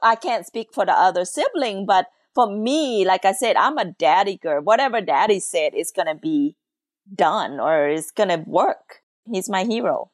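A woman from Laos, appearing as a guest on a podcast, earnestly and emotionally recounts her family's story in English with loose, non-native grammar. Her mid-range voice is expressive and moves at a moderate pace, recorded with clean studio sound and no echo.

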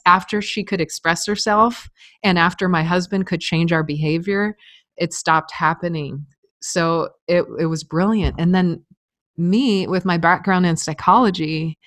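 A woman's voice: on the low side, fairly bright tone, dry recording. A middle-aged woman telling a personal story as an interview guest, candid and earnest, with frequent filler words.

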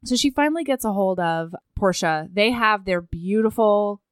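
A woman's voice: mid-range voice, normal speed, clear, resonant tone, dry recording, studio quality. A woman co-hosting a book chat, retelling a romance novel's plot and acting out the characters' lines. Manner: animated storytelling, acts out characters' lines. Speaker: book podcast co-host. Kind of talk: casual chat recapping a book.

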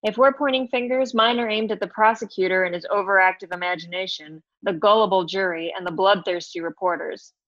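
A woman's voice: mid-range voice, steady tone, fairly quick, few pauses, a bit bright, no room sound, dull audio, lightly acted. A woman reading her own novel aloud as a defiant, sarcastic woman in her fifties just out of prison, with a flip, cheeky manner. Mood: scornful.

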